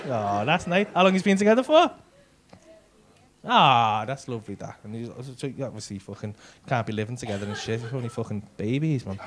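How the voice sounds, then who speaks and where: On a comedy club stage, a stand-up comedian does crowd work, teasing, laughing and swearing as he banters with audience members. His mid-range voice is animated and brisk, and the live club recording is noisy.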